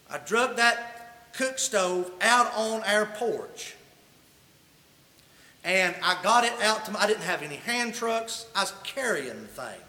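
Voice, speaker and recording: A man's voice: sits high, expressive, measured pace, sharp tone. A man preaching a sermon, telling a humorous personal story in a folksy, colloquial way. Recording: echoey hall reverb.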